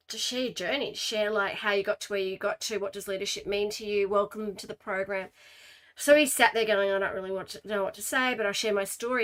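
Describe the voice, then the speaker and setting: Casual podcast host, woman, bright tone, tells stories with acted-out voices. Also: mid-range voice. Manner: animated storytelling with acted quotes. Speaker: podcast host and leadership coach. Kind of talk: casual conversation.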